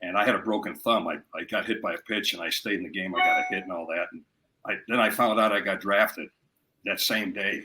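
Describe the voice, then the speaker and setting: A man's voice: sits low, a little fast, very noisy. A man from Chicago, a former baseball manager, tells stories in a plainspoken, matter-of-fact way as a podcast guest. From Chicago, USA. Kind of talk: casual storytelling interview.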